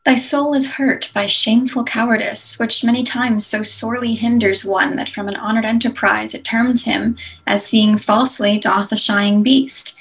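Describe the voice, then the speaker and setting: Woman reading Virgil, a dignified ghost guide; loud, slow verse declaiming, higher register. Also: fairly even intonation, poor audio. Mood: solemn.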